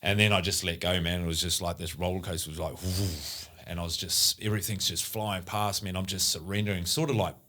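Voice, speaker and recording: A man with a very deep voice talks casually on a podcast. His story wanders, broken up by restarts, fillers and blunt swearing. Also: steady tone, a little fast, hardly any pauses, pushed and bright.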